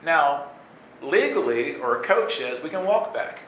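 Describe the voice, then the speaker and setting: A man telling stories from his life in an animated way, laughing and acting out voices. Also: on the high side, measured pace, slight background noise. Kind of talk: storytelling talk. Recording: echoey room with faint ambience.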